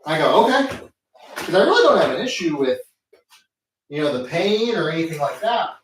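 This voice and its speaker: A man's voice: fairly high pitch, big pitch swings, fairly quick, slight background noise. A man telling a rambling, self-mocking story with many fillers, chatting casually between sets at the gym. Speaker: host. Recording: echoey room, mic at a distance.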